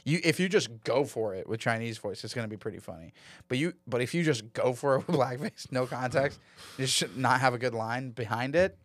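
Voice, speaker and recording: A man's voice: medium pitch, lively intonation, a little fast, no echo. A man in casual podcast banter, joking sarcastically and laughing often.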